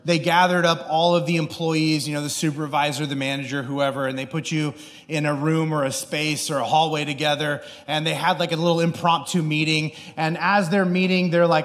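High-voiced man telling a story in a hall. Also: brisk. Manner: animated, self-deprecating, acts out quoted people. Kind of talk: storytelling sermon.

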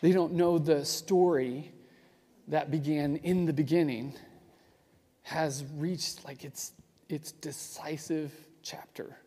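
A man preaching with a fairly high yet mellow, warm tone. He explains in a relaxed, conversational way and adds asides. His voice rings with the long reverb of a big hall. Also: slow, husky. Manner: casual, explanatory, with frequent asides. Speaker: pastor. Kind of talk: conversational sermon.

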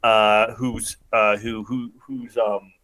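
A man's voice: fairly low pitch, flat delivery, takes it slowly, pushed and bright, no room sound. A man hosting a casual podcast chat who recaps a movie in a rambling way, full of fillers. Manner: rambling, filler-heavy summarizing. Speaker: podcast host.

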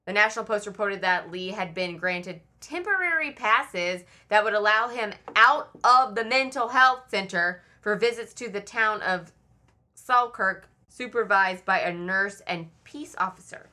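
A woman with a bright, forward voice hosts a casual true-crime chat. She reads dates and news reports from her notes and breaks off into chatty asides. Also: medium pitch, lively intonation, unhurried. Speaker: podcast host.

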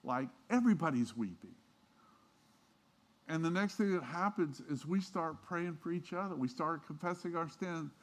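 A man preaching a sermon, telling stories with feeling and swinging between hushed and emphatic delivery. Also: on the high side, animated, moderate pace. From Southern United States. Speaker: pastor.

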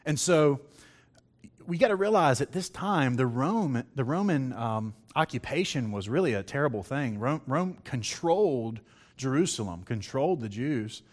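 Lively preacher man delivering a sermon. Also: medium pitch, moderate pace. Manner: lively, conversational, acts out quotes; reads scripture aloud.

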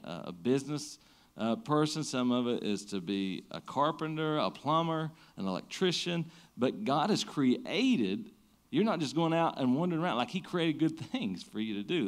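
A man preaching a sermon in a casual, conversational way, often restarting phrases and swinging from quiet to intense. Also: mid-range voice, creaky. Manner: conversational preaching, frequent restarts, rises and drops in energy. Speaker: pastor.

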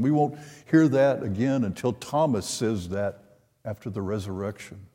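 An older man preaching a sermon, retelling a scripture story in an unhurried way and voicing the quoted lines. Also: on the low side, mellow. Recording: long hall reverb.

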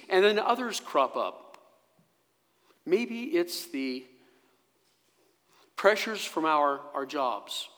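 Male pastor, slow dramatic sermon delivery, animated pitch, slightly high voice, reverberant church. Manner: slow, dramatic storytelling with sudden hushed drops. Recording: long echo of a church hall.

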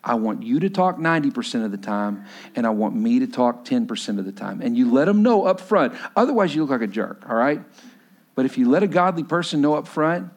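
A man's voice: medium pitch, big pitch swings, a little fast. A man preaching a sermon with emphasis, often repeating his key lines for the congregation. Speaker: pastor.

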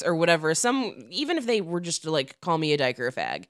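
A woman in her thirties co-hosts a casual podcast chat with a very lively, swooping pitch. She talks bluntly and swears freely. The sound is dry and close. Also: fast talker, few pauses, no room sound. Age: 30s. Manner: animated, laughing, blunt and profane. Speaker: podcast co-host.

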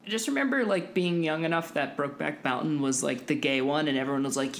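A young man co-hosting a casual film podcast, easygoing and quick to laugh. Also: a little high, gravelly, a bit bright, slight background noise. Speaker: podcast co-host.

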